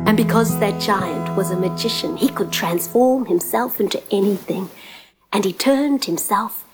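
A woman telling a fairy tale in a lively, expressive way, stretching words for effect. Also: mid-range voice, moderate pace. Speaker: storyteller. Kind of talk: storytelling. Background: guitar music.

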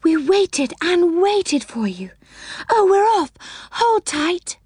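A woman voicing a joyful little fairy girl in a read-aloud story, gushing with excitement. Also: very high voice, takes it slowly, no room sound, studio quality, voice pushed up, heavily acted.

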